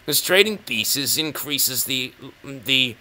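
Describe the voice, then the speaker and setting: A man's voice: medium pitch, lively intonation, slow pace, sharp tone. A man with an English accent, rambling and mocking himself as he comments on his own chess game. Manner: rambling, self-mocking, talks to himself and the opponent. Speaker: chess channel host.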